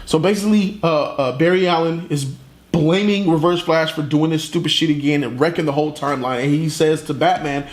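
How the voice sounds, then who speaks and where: A man giving a casual, slangy comic review with an animated, profane retelling. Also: fairly high pitch, a little fast, echoey room.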